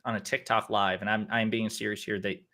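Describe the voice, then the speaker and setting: A man's voice: fairly low pitch, little pitch movement, brisk, pushed and bright. A man hosting a casual political chat on a live stream, rambling and teasing his guest with tall, joking stories. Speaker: host.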